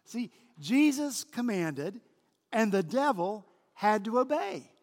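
A male pastor preaching a sermon in a large church, with emphatic, slowly stressed phrases. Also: high voice, very animated. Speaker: senior pastor. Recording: long church hall reverb.

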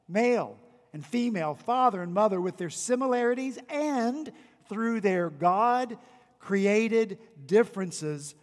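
A man's voice: high voice, in a large hall. A male pastor preaching a sermon, repeating phrases and asking the congregation rhetorical questions. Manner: emphatic, repetitive preaching cadence with rhetorical questions. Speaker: senior pastor. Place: church sanctuary.

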